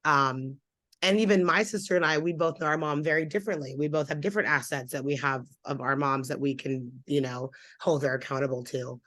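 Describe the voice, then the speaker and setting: A woman's voice: deep voice, fairly quick, fairly bright tone, no room sound. A young woman, a daughter who works for her mother, chatting casually on a panel with many fillers.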